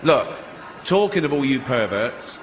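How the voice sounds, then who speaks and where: A man's voice: medium pitch, big pitch swings, a little slow. A man hosting an awards show with a mocking comic monologue. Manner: mocking, teasing the audience. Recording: large hall with a crowd.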